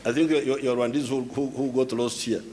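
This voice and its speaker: A man's voice: mid-range voice, fairly even intonation, a little fast, background noise. A man in his seventies from Uganda, speaking English, gives an unscripted public address in a lecturing way, often restarting and repeating words. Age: 70s. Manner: lecturing, explaining word by word. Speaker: head of state giving a speech.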